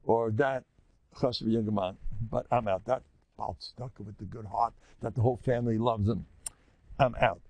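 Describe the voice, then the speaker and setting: An older man, a rabbi, giving a Torah lecture in an animated way, acting out inner voices and mixing in Hebrew and Yiddish terms. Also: fairly low pitch, moderate pace, vocal fry, no echo. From United States.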